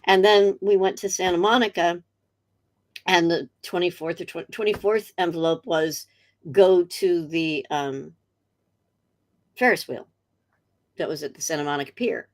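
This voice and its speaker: A middle-aged woman, a guest in a casual interview, telling a story chattily with animated quotes. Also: on the low side, unhurried, long pauses. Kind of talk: casual video-call interview.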